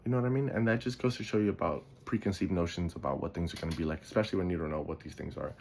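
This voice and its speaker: A sleepy man talks on his podcast in a lowish voice, wandering off track and swearing offhandedly. He sounds drowsy and yawns between thoughts. A faint background noise sits under the recording. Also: steady tone, very fast, vocal fry, a little mellow. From the Bronx, New York. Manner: rambling, loses his thread, swears casually. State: sleepy, yawning a lot. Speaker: podcast host. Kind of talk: casual storytelling monologue.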